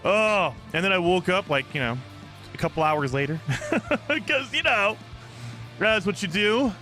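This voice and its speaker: A man streaming a game live, chatting casually and excitedly to his viewers while saying he is exhausted from little sleep. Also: high-pitched, moderate pace, faint music behind. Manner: excitable, rambling, talks to chat. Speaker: gaming streamer.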